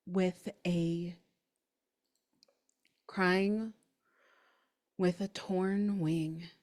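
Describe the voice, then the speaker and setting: A woman runs a tabletop game and narrates its grim ending in a slow, halting, dramatic way. Her voice sits a little low, and she takes her time with every phrase. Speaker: game master.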